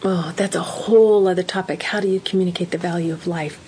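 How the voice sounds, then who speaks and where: A woman's voice: fairly low pitch, fairly even intonation, quick pace, poor audio. A woman giving parenting advice in an earnest, emphatic way, acting out example conversations. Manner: warm, earnest, emphatic, acts out example dialogues. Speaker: parenting counselor guest.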